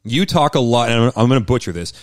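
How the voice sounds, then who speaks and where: A man co-hosting a faith talk show, chatting quickly and with animation. He often restarts his sentences. The sound is dry and close to the mic. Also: medium pitch, expressive, no room sound. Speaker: podcast co-host. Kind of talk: casual faith podcast chat.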